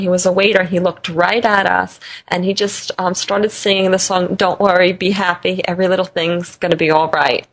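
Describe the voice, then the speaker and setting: A woman guest in an interview, telling a personal story in an animated way, laughing often and repeating phrases for emphasis. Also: medium pitch. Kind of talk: conversational storytelling.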